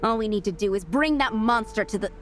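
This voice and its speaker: A woman's voice: mid-range voice, expressive, a little fast, natural voice. An actress voicing a haughty, condescending female diplomat in a video game. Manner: smooth, condescending. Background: game music.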